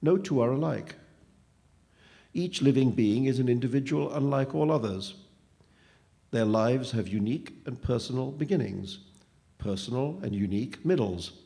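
A man's voice: mid-range voice, lively intonation, normal speed, creaky, pauses often, dark tone. A man reading a story aloud, voicing a pompous male phantom who speaks in precise, wordy and falsely kindly tones. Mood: smug.

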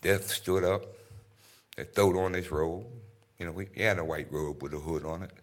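A man's voice: sits low, steady tone, normal speed. An actor playing a defiant middle-aged man who talks about death in a rhythmic stage monologue. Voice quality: rhythmic, vernacular storytelling.

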